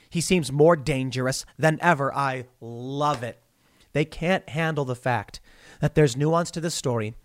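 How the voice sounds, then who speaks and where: A man hosting opinionated political commentary, animated and wry, with mocking asides. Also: on the high side, no room sound, studio quality.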